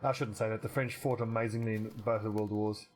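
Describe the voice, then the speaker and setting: A man's voice: fairly low pitch, little pitch movement, a little fast, soft background music. A man giving casual, rambling commentary while playing a strategy game, swearing casually and restarting his sentences. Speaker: let's play commentator.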